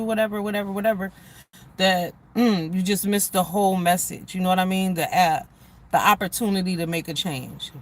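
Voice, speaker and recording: A woman's voice: on the low side, a little hiss or hum. A woman hosting a livestream, ranting bluntly to her viewers in casual, profane, slang-heavy talk. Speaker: livestream host.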